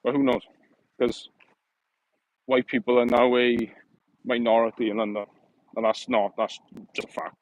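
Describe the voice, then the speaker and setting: A man's voice: mid-range voice, little pitch movement, moderate pace, long pauses, low-quality recording. A young man chatting casually on a live stream, joking and answering viewer comments while walking outdoors.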